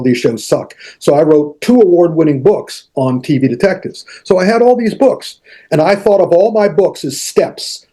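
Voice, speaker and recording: An older man spins anecdotes in a casual interview, often restarting sentences and acting out the lines people said. His voice sits a touch high but sounds mellow and husky. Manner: animated anecdotes, acts out quotes, frequent restarts. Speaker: interview guest, author.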